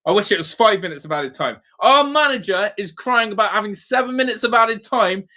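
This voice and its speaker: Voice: medium pitch, expressive, brisk, sharp tone. Fed up football fan going off on a rant, same gripe over and over. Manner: exasperated, repetitive complaining. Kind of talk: ranting fan reaction.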